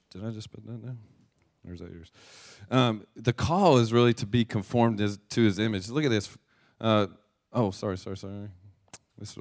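A male pastor with a lowish voice tells a personal story and reads from scripture in a casual, chatty sermon. He restarts himself frequently.

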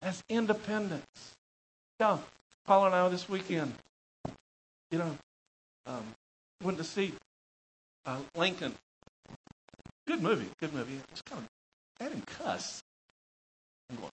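A male pastor preaching a sermon, telling animated stories with rambling asides. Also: a little high, slow pace, pauses often, a little hiss or hum, rough recording.

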